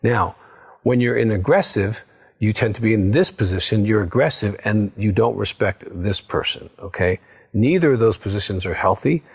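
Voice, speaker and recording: A middle-aged male counselor with a somewhat low, husky voice. He gives earnest, coaching advice and checks in often with the listener. His delivery is steady and direct. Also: moderate pace. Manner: earnest, coaching, many "okay?" check-ins. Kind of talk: direct-to-camera advice talk.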